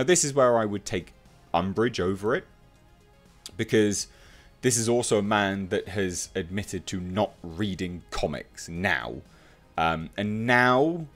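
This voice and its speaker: A man with a fairly low voice delivers opinionated commentary for an online video. He reads out comments and mocks them, emphatic and scornful. Faint music sits quietly under his voice. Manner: mocking, emphatic, laughs at commenters. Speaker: commentary youtuber.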